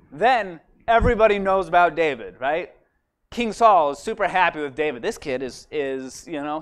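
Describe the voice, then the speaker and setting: A man casually retelling a Bible story at a church service, acting out the characters' lines and often asking "right?". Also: high-pitched. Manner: animated storyteller, acts out quotes, fillers like "right?". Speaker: Bible study teacher.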